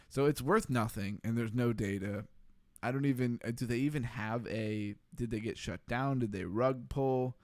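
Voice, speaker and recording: A man hosting a casual livestream who keeps laughing and reads viewer chat out loud. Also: medium pitch, unhurried, no room sound. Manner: laughing often, reading chat aloud. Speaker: livestream host.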